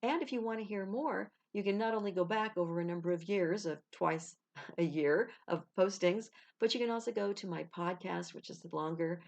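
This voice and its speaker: A woman's voice: medium pitch, moderate pace, vocal fry, darkish tone. A woman, a spiritual guide, talking casually to camera with chatty advice and little acted-out exchanges. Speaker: intuitive spiritual guide, video host.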